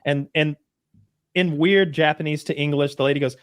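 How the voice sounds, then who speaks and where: A man's voice: on the high side, normal speed, clear, resonant tone, dry recording, clean studio sound. A man co-hosting a podcast, casually recapping a show and acting out the characters in quoted voices, with plenty of swearing. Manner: animated storytelling, acts out characters in quoted voices, swears freely. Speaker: podcast co-host.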